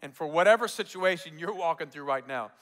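A man preaching a sermon as pastor, telling the story in an animated, jokey way and calling out to the crowd. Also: fairly high pitch, brisk.

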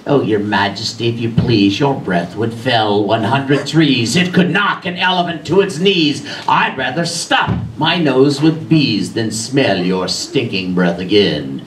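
A man's voice: medium pitch, animated, unhurried, few pauses, slight background noise, lightly acted. A man voicing a blunt male crocodile who answers in dramatic, rude rhymes. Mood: insulting. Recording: roomy echo, distant mic, faint ambience.

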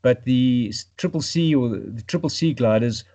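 A man from South Africa, a paragliding pilot and podcast guest, chatting casually and trailing off into quiet fragments. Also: medium pitch, moderate pace, slightly rough.

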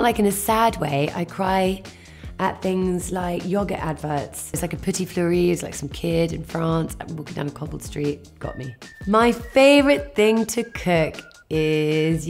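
An English actress in her thirties, answering quick-fire questions at home in a giggly, self-mocking, chatty way. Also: on the low side, a little mellow. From England. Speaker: actress interviewee. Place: at home indoors.

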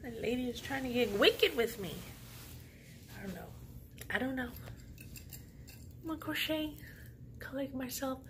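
Woman vlogger spilling a story, sassy and slangy, kinda high voice, faint noise behind. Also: a little slow, long pauses. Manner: sassy, slangy, animated retelling. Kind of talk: casual storytelling.

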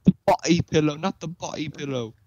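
A man's voice: a little high, brisk, a little mellow, dry recording, muffled recording. A young man gaming with a friend, joking around with mock-posh British catchphrases and plenty of swearing. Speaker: gamer. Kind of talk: casual gameplay banter.

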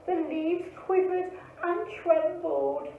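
A woman, an early years teacher, reading a picture book aloud to children in a slow, expressive storytelling way. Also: very high voice, creaky, a little hiss or hum. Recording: echoey, phone-like, from a distance.

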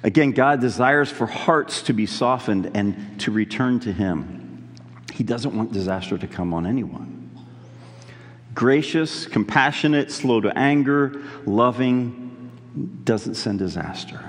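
A male pastor preaching a sermon in an earnest, conversational way, pausing to weigh key words. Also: medium pitch, long reverb tail.

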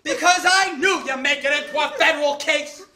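A woman's voice: high-pitched, a little fast. A woman playing a blustering old male caterer. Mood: bossy reassuring. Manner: blustering, shouts often. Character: loud, bickering older male American caterer. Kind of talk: stage play acting. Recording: echoey stage room.

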